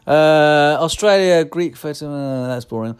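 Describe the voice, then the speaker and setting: A man from the United Kingdom with a fairly high, clean voice speaks a little slowly as co-host of a podcast. Joking through a casual chat, the Englishman reads lists aloud and lapses into a mock cockney voice.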